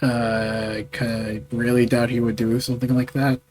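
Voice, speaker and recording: A man's voice: medium pitch, little pitch movement, unhurried, darkish tone, slight background noise, low-quality recording. A man giving wry, joking commentary while playing through a story game. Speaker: let's-play host.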